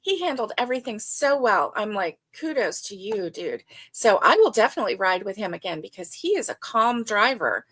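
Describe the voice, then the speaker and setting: A woman's voice: medium pitch, animated, normal speed, few pauses. An older woman hosting a casual livestream chat, reading viewer comments aloud and talking with many fillers. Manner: chatty, warm, with many fillers. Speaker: livestream host.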